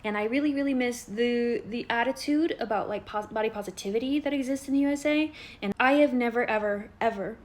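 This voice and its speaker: A woman's voice: brisk, few pauses. Chatty young woman vlogging to camera. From Colorado, United States. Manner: chatty, heavy use of "like", acts out quoted people in higher voices. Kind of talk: casual talking-to-camera vlog.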